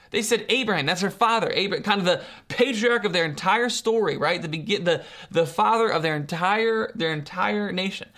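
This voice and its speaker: An earnest preacher delivering a sermon, leaning hard on key words and slowing down to let them land. The voice sits at an ordinary middle pitch. The talk often circles back on itself with repeated phrases and questions put to the listeners. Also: a bit bright. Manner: earnest, emphatic, asks rhetorical questions; repeats and restarts phrases, slows for emphasis.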